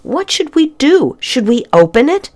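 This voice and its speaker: A woman's voice: high-pitched, big pitch swings, normal speed, darkish tone, voice pushed up. A woman voicing an earnest, curious young boy who asks lots of questions.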